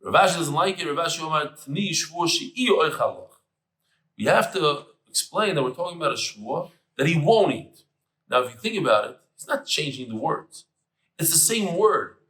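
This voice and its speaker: A man giving a lively, chatty Talmud lesson in English, mixing in Hebrew terms. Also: a little high, normal speed, reverberant, poor audio. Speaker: Daf Yomi teacher. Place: room with tables and air conditioner.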